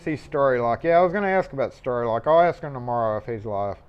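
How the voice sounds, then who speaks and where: A fast-talking man with a smooth, mid-range voice and lively intonation hosts a casual locksmith stream from his shop. He rambles offhandedly, swearing and chuckling as he works on a lock, and the mobile mic makes the recording muffled.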